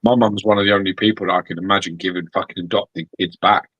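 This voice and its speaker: A man's voice: deep voice, fairly even intonation, quick pace, fairly bright tone, no echo, dull audio. A man, co-hosting a podcast and telling profane stories in casual chat. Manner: profane storytelling, swears constantly. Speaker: podcast co-host.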